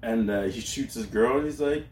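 A man in his thirties co-hosting a casual chat, excitedly acting out movie lines in funny voices. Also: mid-range voice, moderate pace. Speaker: podcast co-host. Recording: echoey room.

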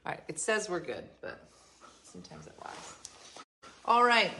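A woman's voice: on the low side, huge pitch swings, a little slow, pauses often, pushed and bright. A woman hosting a casual livestream from her home, chatting with viewers and telling exasperated stories. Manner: chatty, storytelling, exasperated asides. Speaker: livestream host. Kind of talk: casual live chat with viewers. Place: her home, being renovated. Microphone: phone.

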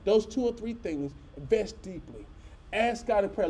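Middle-aged preacher, high mellow voice, animated folksy storytelling, talks straight to the congregation. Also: male voice, moderate pace. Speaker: pastor. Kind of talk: storytelling sermon.

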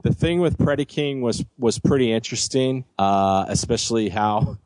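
A man's voice: mid-range voice, moderate pace, darkish tone, no room sound. A man co-hosting a podcast, reviewing a cartoon series in a rambling casual chat full of fillers and restarts. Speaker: podcast co-host.

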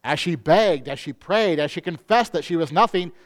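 Guy preaching a sermon, kinda high voice, earnest, drags out the big lines. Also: expressive. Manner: earnest preaching, slows on key phrases. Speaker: pastor.

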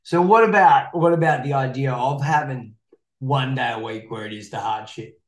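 A man's voice: mid-range voice, moderate pace. A man co-hosting a casual podcast, agreeing often and swearing freely. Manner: agreeable, swears a lot, many "yeah" backchannels. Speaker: podcast co-host, fight gym coach. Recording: roomy echo.

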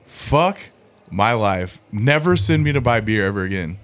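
Lively, profane man fumbling beer labels. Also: on the low side, a little slow. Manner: laughing, profane, bumbling label reader. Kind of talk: casual chat, beer tasting.

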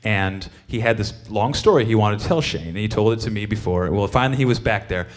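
A man's voice: fairly low pitch, fairly quick. A man telling a long, rambling story to an audience between songs, with many fillers and restarts, laughing as he goes.

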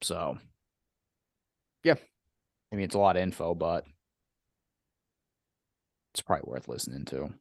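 A man's voice: deep voice, animated, a little slow, gravelly, pauses often, no echo, clean studio sound. A man co-hosting a golf podcast, speaking bluntly in short clipped answers with plenty of swearing. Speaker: podcast co-host. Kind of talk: casual chat.

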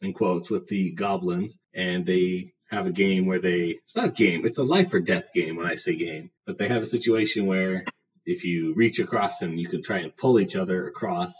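A man with a lowish voice chats through a book review as a podcast host, rambling and loose, with plenty of fillers. He sits a bit back from the mic, and the sound is dull and lo-fi with a faint hiss underneath. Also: moderate pace. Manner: casual, rambling, filler-heavy. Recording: distant, dull lo-fi with faint noise.

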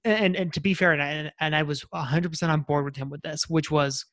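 A man's voice: on the high side, fairly even intonation, fast, fairly bright tone, dry recording. Man rambling earnestly in a dry room. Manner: rambling, lots of fillers and restarts, earnest. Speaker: podcast co-host. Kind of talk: casual chat recapping a reality show.

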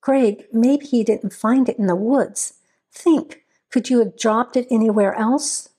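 A woman's voice: a little high, measured pace, mellow, husky. A woman voicing a frightened young woman who pleads anxiously with her boyfriend. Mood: worried.

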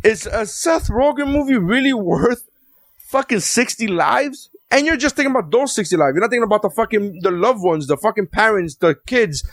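A man in his thirties co-hosting a podcast, ranting in animated, profane casual chat. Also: sits high, normal speed, no room sound. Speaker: podcast co-host.

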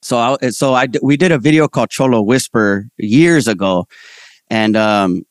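Male comedian guest, slangy, animated storyteller, mid-range voice, dry close sound. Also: medium pitch, normal speed, dry recording. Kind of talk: casual interview storytelling.

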